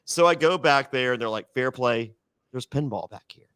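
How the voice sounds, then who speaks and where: A man's voice: mid-range voice, animated, normal speed, fairly bright tone, clean tone, dry recording, clean studio sound. A man telling a casual podcast story, rambling, repeating words and acting out the dialogue. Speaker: reality TV guest.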